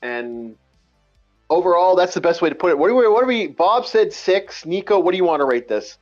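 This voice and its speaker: Animated man hosting a lo-fi book chat. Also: sits high, a little fast, soft background music. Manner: emphatic, animated, repeats himself a lot. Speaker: podcast host. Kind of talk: casual online book-review chat.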